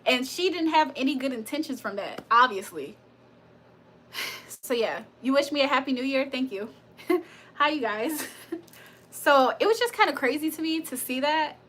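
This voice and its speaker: A woman's voice: high voice, lively intonation, moderate pace, pauses often, a bit bright. A woman hosting a tarot livestream, telling stories in a casual, chatty way, laughing often and swearing freely. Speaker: tarot reader and livestream host. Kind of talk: casual livestream storytelling and chat.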